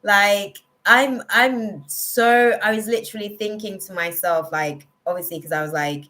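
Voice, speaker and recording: Hosting a tarot livestream, a woman talks unhurriedly in a medium-pitched voice that sounds pushed and bright. Her casual chat with viewers is emotional, effusive, and rambling, full of fillers.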